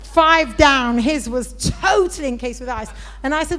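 High-voiced woman preaching a lively sermon. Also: unhurried. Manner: storytelling, animated, acts out voices in anecdotes.

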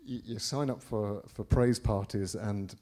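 Rambling preacher telling a story. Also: male voice, lowish voice, a little slow. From England. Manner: rambling, with many restarts and swings in loudness. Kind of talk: anecdotal preaching to a congregation.

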